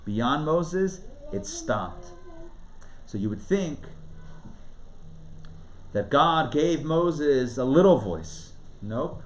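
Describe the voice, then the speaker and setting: A man, a rabbi, giving a live Torah class in a conversational, emphatic way, swinging between booming lines and hushed ones. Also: lively intonation. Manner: conversational, quick asides and restarts.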